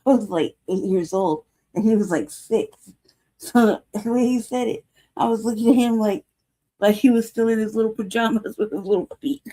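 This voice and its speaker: Woman in her 40s, livestream chat host, keeps laughing, swears a lot, dark mellow tone. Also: fairly high pitch, moderate pace. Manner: laughing, profane, rambling storytelling.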